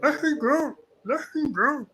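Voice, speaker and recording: A man voicing a tiny indignant male goblin con artist in a tabletop game, talking shrill and yelling. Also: animated, a little slow, soft background music, full character voice. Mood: shouting.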